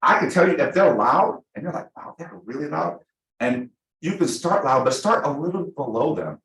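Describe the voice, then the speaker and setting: Animated man teaching in an echoey room. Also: on the high side, normal speed. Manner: animated, chatty, acts out quotes. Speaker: real estate trainer. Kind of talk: live class talk.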